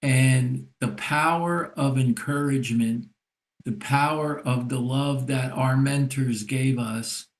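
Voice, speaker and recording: An older man, a therapist and recovery mentor, telling a story in a relaxed podcast conversation. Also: medium pitch. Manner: unhurried, reflective storyteller. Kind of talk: casual storytelling in a podcast discussion.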